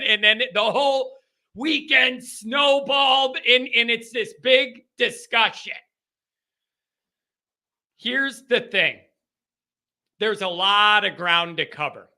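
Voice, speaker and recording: A man hosting a call-in sports radio show, talking in an energetic and animated way. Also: very high-pitched. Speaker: sports talk show host.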